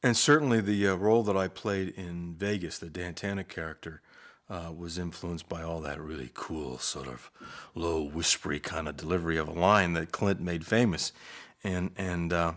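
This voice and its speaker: Low-voiced older actor reminiscing. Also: male voice, normal speed, fairly bright tone. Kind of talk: interview reminiscence.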